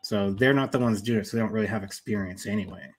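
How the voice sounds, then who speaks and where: A man's voice: on the low side, quick pace, a little hiss or hum. A man co-hosting a casual live stream, speaking in a laid-back, encouraging way. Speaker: co-host.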